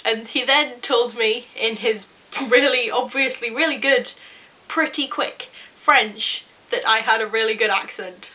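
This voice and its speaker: A woman's voice: a little high, unhurried, muffled recording. A young woman with an English accent, casually telling a self-deprecating story to camera with frequent restarts. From England. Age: young adult. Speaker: vlogger.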